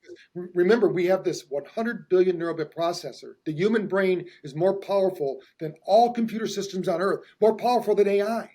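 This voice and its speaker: A middle-aged man with a high voice hosts a casual podcast chat. He explains with enthusiasm, running one thought into the next. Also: brisk, mellow. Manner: enthusiastic, explanatory, talks in long run-on thoughts. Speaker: host, hypnotherapist.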